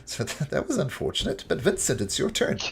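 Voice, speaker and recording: A man narrating as game master of a tabletop game, with lively, chuckling narration. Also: fairly high pitch, a little fast, gravelly, slightly rough.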